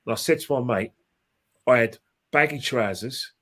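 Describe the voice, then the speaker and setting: A man's voice: medium pitch, normal speed, a bit bright. A man telling a long football story as a podcast guest, rambling and impassioned, with many restarts and repeated phrases. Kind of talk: casual anecdotal storytelling.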